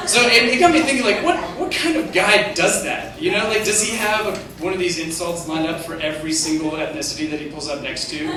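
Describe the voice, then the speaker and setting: A young man performing a stand-up comedy set, with a halting, self-deprecating delivery full of "like"s. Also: high voice, crowd noise. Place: comedy theater stage. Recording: echoey distant room recording with noise.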